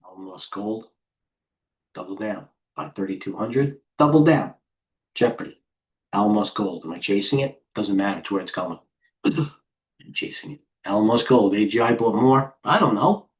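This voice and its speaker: A middle-aged man hosting a live trading stream, firing off quick stock calls and muttering to himself as he trades. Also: lowish voice. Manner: rapid-fire ticker calls, talks to himself. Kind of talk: live market commentary while trading.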